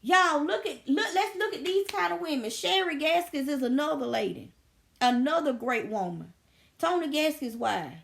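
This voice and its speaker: A woman in her thirties talking to her viewers in a casual vlog, telling stories in an animated, emphatic way. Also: sits high, normal speed, creaky. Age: 30s. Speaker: vlogger. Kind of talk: casual storytelling commentary.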